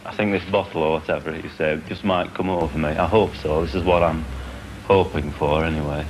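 An earnest man speaks hesitantly about trying out as a wrestler, his voice very low. The audio is an old archive documentary recording with clear background noise. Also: fairly even intonation, a little fast. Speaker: novice wrestler. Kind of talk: documentary interview. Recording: noisy archive documentary sound.

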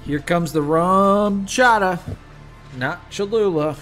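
A man's voice: high-pitched, takes it slowly, a bit bright, faint music behind. Joking man co-hosting a stream. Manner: joking, laughs easily. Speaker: stream co-host. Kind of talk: casual live-stream chat.

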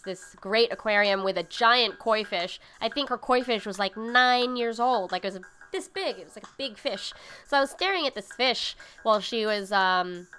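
Woman host of a home cooking stream; casual and rambly, reads chat aloud, with a smooth, clear voice. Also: medium pitch, sharp tone. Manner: chatty and rambling, with frequent fillers. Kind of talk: casual chat reading viewer comments. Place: home livestream setup.

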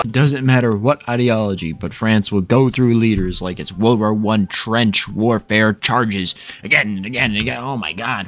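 A young man commentating his strategy game casually, excitable and swearing, with quick mood swings. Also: lowish voice. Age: young adult. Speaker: gaming video creator.

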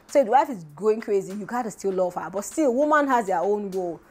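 A woman's voice: lively intonation, quick pace, darkish tone. Emphatic woman vlogger. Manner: emphatic and rhetorical, voice often jumping up high. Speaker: vlogger host. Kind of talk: casual celebrity gossip commentary.

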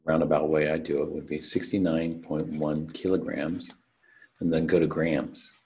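A man's voice: rumbling low, flat delivery, moderate pace, gravelly, darkish tone. A man teaching a recorded online chemistry lesson, talking through unit conversions step by step in a methodical way. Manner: methodical, talks through worked problems step by step. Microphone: computer mic on a video call.

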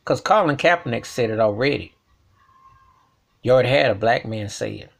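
A man's voice: mid-range voice, animated, brisk, gravelly. A man delivering an emphatic, repetitive rant in colloquial speech, commenting as a vlogger. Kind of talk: ranting commentary.

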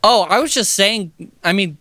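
A man's voice: high-pitched, moderate pace, dry recording. A young man co-hosting a podcast, chatting casually and playfully. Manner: lively, playful, slips into jokey voices. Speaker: podcast co-host. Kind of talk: casual chat.

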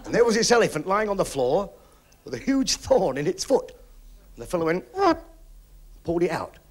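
A man doing stand-up comedy on a 1970s TV stage, telling quick jokes with punchlines. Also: sing-song. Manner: brisk punchline delivery with big pitch swings. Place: TV studio stage with audience.

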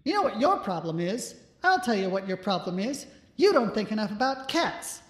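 A woman's voice: mid-range voice, sing-song, normal speed, natural voice. A woman voicing a chatty, complaining disembodied voice that rambles on. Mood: nagging. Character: nagging disembodied mystery voice, woman. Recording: roomy echo.

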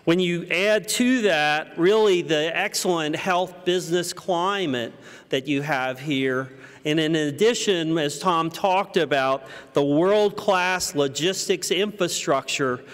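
Hoarse man giving a keynote. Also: slow pace, fairly bright tone. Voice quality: deep husky voice. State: hoarse from a cold. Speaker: keynote speaker. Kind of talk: conference keynote speech. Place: large conference hall. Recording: long reverb of a conference hall.

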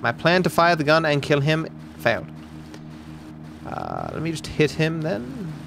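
A young Australian man giving live gameplay commentary, excitable and swearing in quick outbursts at the game. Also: fairly high pitch, gravelly, over music. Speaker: streamer.

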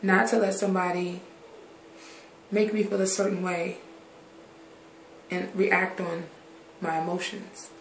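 A woman's voice: fairly low pitch, level tone, measured pace, gravelly, long pauses, slight background noise. A grown woman vlogging candidly to her viewers. She drifts from subject to subject and swears casually. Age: adult. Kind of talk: candid personal vlog talk. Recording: roomy echoey recording.

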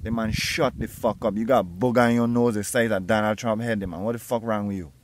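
A man's voice: lowish voice, steady tone, fairly quick. A man in a comedy sketch, talking aggressively and mockingly, swearing a lot.

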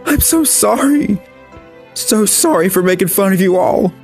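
A man voicing a frightened young male pup in a narrated horror story, with a high, strained, tearful voice. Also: expressive, unhurried, soft background music. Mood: panicked sobbing.

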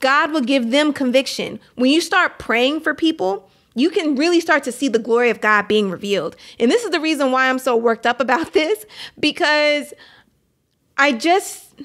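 Impassioned high-voiced woman vlogger. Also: expressive, moderate pace, a bit bright. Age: 30s. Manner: impassioned, laughing, heavy use of "like". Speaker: Christian vlogger. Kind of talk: earnest faith talk to camera.

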